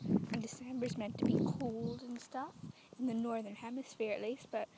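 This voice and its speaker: A young woman from the UK vlogging into her phone in a public street, talking quietly and self-consciously, rambling and often slipping into a whisper. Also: fairly high pitch, steady tone, normal speed, very noisy. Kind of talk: casual vlog to phone. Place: outdoors in public, residential street. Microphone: phone camera.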